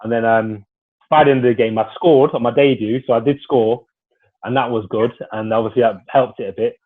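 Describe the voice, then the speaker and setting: A man's voice: medium pitch, brisk. A man recounts his playing days in a loose, chatty way, slipping into the voices of the people in his stories. His voice comes through a thin, phone-like line. He sits in the middle of the male range. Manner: lively anecdotal storyteller, acts out dialogue. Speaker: former footballer guest. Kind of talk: casual storytelling interview.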